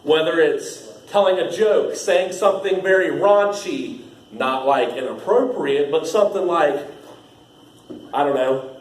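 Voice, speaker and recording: A man's voice: on the high side, unhurried. A young man, casually training new staff, rambling, laughing often and using lots of fillers. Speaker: haunt trail actor training new staff. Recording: echoey room with faint ambient noise.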